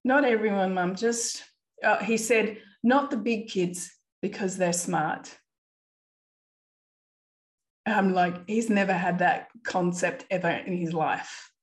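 Speaking slowly in a mid-range voice, a podcast host in her thirties who is a parent recounts a distressing family episode with earnest, quoted dialogue in a personal storytelling monologue.

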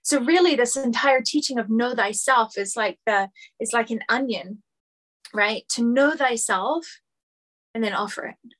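Woman spiritual teacher, fairly high voice, slow and earnest lecturing with repeated phrases. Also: a bit bright. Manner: earnest, repetitive, building phrases.

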